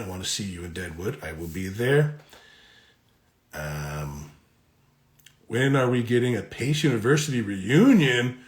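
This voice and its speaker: A man's voice: lowish voice, a bit bright. A middle-aged man from Connecticut with a New York accent. He is an actor chatting on a live autograph stream, reading fan comments aloud and answering them in a friendly way. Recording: roomy echo.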